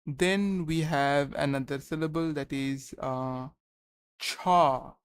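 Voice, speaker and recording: A young man on a live study stream, thinking aloud and slowly sounding out syllables, pausing to check himself. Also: on the high side, clean tone, no echo, studio quality. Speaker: language learner streaming study session.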